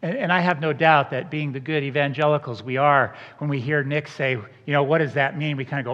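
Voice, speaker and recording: A man preaching a sermon in a lively, conversational way, acting out the people he quotes. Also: fairly high pitch, fairly quick, few pauses. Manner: animated, acts out quoted voices. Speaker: pastor. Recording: dull sound with long hall reverb.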